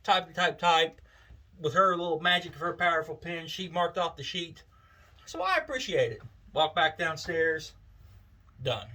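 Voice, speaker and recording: A man's voice: a little high, lively intonation, measured pace, bright, forceful tone, a little hiss or hum, poor audio. A man, telling a wry, folksy story in a casual, chatty way. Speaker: vlogger.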